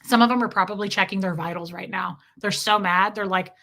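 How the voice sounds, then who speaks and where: Woman, livestream host, bright voice, casual chat, brash and crude humor. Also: medium pitch, normal speed, few pauses. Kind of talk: casual livestream chat reading viewer comments.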